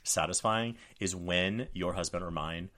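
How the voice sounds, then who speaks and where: Guy in his 40s, low-ish voice but really bright, swears a lot, makes fun of himself. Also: unhurried. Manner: animated, profane, self-mocking storytelling. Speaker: podcast co-host. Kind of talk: casual chat.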